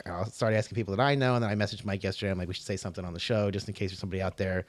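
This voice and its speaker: A man's voice: sits low, fairly even intonation, racing, no echo. Rambling, swearing storyteller man. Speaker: podcast co-host. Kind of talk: casual chat.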